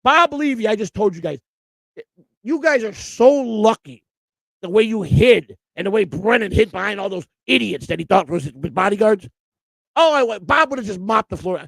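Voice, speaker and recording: High, gravelly man ranting on a stream. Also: expressive, moderate pace, fairly bright tone, dry recording. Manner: profane, repetitive, emotional. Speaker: co-host of a streamed morning show. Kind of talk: heated livestream rant.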